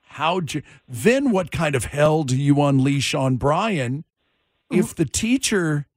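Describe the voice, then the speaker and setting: A man hosting a morning radio talk show, animated and jokey, quick to laugh. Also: on the high side, no echo, studio quality.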